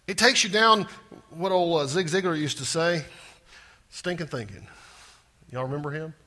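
A man preaching a sermon, swinging from loud repeated emphasis to hushed asides. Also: on the high side, moderate pace. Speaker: pastor.

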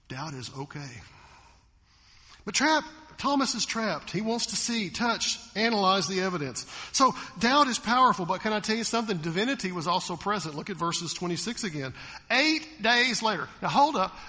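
Animated pastor, high lively voice. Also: male voice, big-room sound. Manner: animated, acts out quoted voices, asks the congregation questions. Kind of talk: sermon. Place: church sanctuary.

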